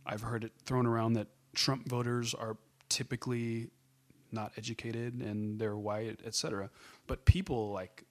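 Relaxed man in casual chat. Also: medium pitch, normal speed. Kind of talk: casual conversation.

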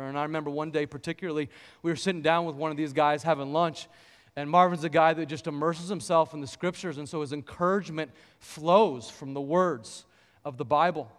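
A man with a high, smooth, resonant voice preaches to his church. He moves from quiet storytelling into fervent reading of scripture. The sound carries a long reverb from the sanctuary. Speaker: pastor. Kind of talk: sermon.

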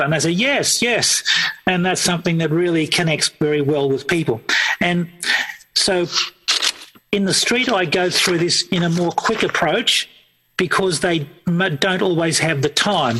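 A man with a high, bright voice leads a hands-on training workshop for a group in front of him. He explains each step plainly and repeats himself, and he often stops and restarts his sentences. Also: poor audio. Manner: repetitive, plain explanatory delivery with frequent restarts. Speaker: evangelism trainer. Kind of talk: instructional workshop talk.

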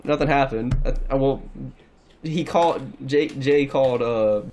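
A man's voice: medium pitch, measured pace, a little mellow, a little hiss or hum. A young man telling a long story in casual chat, rambling, laughing and swearing a lot.

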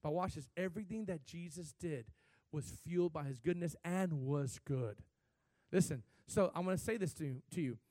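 Man, pastor, sermon, high-pitched, animated preaching, sudden surges in volume, dry sound. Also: normal speed, no room sound.

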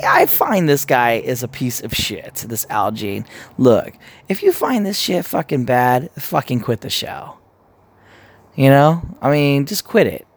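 A man's voice: medium pitch, dry recording. Blunt, profane man ranting casually. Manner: blunt and profane, rambling with repeated restarts. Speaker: commentator. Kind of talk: casual opinion rant.

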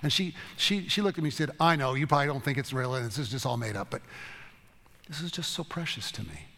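A man's voice: mid-range voice, expressive, quick pace, creaky, sharp tone, in a large hall. A man giving an informal Bible teaching talk, telling stories in a folksy, rambling way. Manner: storytelling, folksy, rambling with restarts. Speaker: teacher leading a Bible study.

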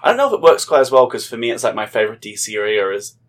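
A man's voice: medium pitch, sing-song, racing. A man co-hosting a podcast from Australia, chatting casually and enthusiastically about comics with rambling asides. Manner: enthusiastic, rambling, jumps into mock voices. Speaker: podcast co-host. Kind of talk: casual chat.

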